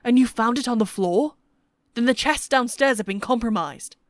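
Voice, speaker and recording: A woman's voice: on the high side, moderate pace, no room sound, clean studio sound, natural voice. A woman voicing an urgent, guilt-ridden young man in an audiobook. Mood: worried.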